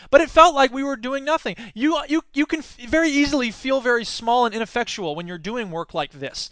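An American man in his thirties telling a story in a talk, animated, acting out quoted voices, with many fillers and restarts. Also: very high voice, fairly quick, hardly any pauses, no room sound. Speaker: speaker giving a talk. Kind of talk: storytelling lecture.

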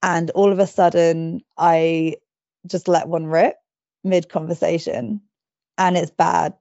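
A chatty woman with a lowish voice tells stories on her podcast, laughing at herself as she goes. The recording is dull and dry. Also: flat delivery, slow, mellow, no echo. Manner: chatty, laughs often, self-deprecating. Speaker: podcast co-host. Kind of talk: casual chat.

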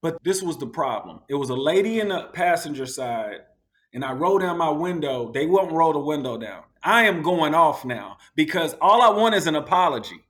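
A man telling stories in a relaxed conversation, acting out the people he quotes in a raised, excited voice. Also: a little high, moderate pace. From United States. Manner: animated, acts out quotes in a raised voice. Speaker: guest. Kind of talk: casual storytelling.

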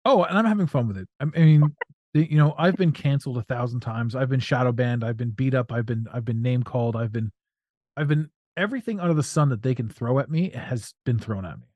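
A man's voice: mid-range voice, brisk, no echo, highs cut off. A man hosting a podcast in casual chat, telling stories and acting out voices for laughs. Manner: animated, acts out voices and jokes. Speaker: podcast host.

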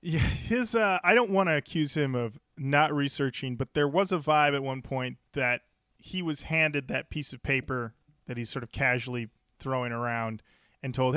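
A man's voice: medium pitch, moderate pace, fairly bright tone, clean tone, dry recording, studio quality. A man co-hosting a podcast in casual chat, wry and rambling as he talks. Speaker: podcast co-host. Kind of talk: casual chat reviewing music.

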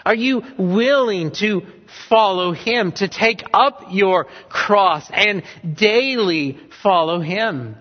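A man's voice: sits high, slow, few pauses. A male pastor preaching an earnest sermon, driving points home with repeated questions. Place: church sanctuary. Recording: dull sound with long hall reverb.

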